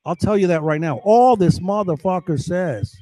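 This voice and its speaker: A man's voice: sits high, lively intonation, normal speed, mellow, no room sound, poor audio. A man in an agitated, rambling monologue, repeating himself and swearing often. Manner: agitated, profane, repetitive. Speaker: vlogger.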